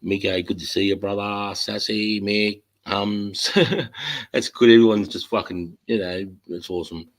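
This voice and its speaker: A man's voice: lowish voice, little pitch movement, a little slow. A man hosting a live stream, chatting casually and swearing, greeting viewers by name.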